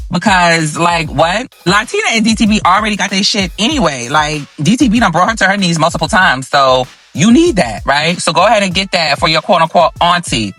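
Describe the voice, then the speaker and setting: A man hosting a reality TV recap, talking to viewers in an animated, sassy and dramatic way. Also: high-pitched. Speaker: host.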